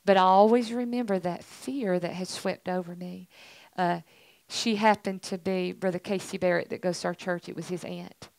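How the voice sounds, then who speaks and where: A woman's voice: fairly low pitch, steady tone, moderate pace, creaky, a little mellow, dry recording, low-quality recording. A middle-aged woman giving an earnest, emphatic church testimony, repeating herself for weight. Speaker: church speaker, pastor's family.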